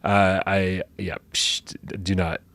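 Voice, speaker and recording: A man co-hosting a gaming podcast in casual live banter, jokey and animated, sometimes trailing off into mumbles. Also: deep voice, slow, creaky, no room sound. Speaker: podcast co-host.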